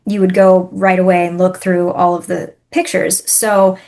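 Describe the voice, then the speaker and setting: A woman, a spiritual healer, telling a personal story in a podcast interview in an animated, emphatic way. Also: on the low side, normal speed.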